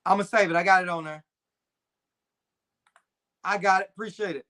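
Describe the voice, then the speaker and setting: A man's voice: high-pitched, steady tone, normal speed, pushed and bright. A young adult man hosting a live stream, chatting casually with slang and reading viewer comments. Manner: laid-back slangy banter, frequent fillers.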